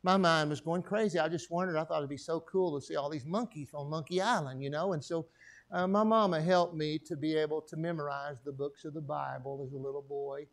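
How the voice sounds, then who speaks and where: A man's voice: fairly high pitch, steady tone, fairly quick. A middle-aged man from Texas with a Texan accent, preaching a sermon and telling his own story in a folksy way, calling for amens. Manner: folksy, calls for amens from the congregation. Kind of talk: sermon with personal testimony.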